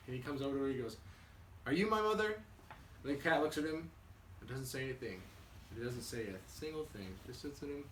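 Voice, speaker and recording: A young man casually telling a children's story for a class, relaxed and chatty, with fillers and restarts. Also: medium pitch, fast talker. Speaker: student. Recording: echoey room, mic at a distance, faint hiss.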